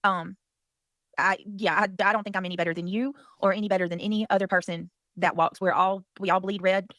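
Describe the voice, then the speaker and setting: Woman, Southern US accent, livestream host, quick rambling chat, dry close sound. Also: mid-range voice, fairly even intonation, fairly bright tone, no echo. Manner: rambling, chatty, thanks viewers, mild cursing.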